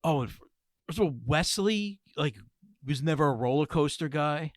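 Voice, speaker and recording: A man's voice: a little high, animated, moderate pace, no room sound, studio quality. A man co-hosting a comedy podcast, telling a rambling, profane story in casual chat. He is in his forties. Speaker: podcast co-host.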